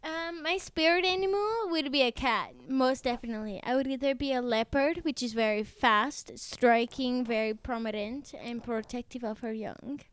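A woman guest in casual podcast chat, speaking slowly and deliberately and giggling often. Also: on the high side, smooth, no echo.

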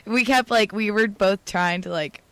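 A woman's voice: mid-range voice, normal speed, a bit bright, no room sound. A woman guest on a podcast, chatting casually and laughing often about her work. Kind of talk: casual interview chat.

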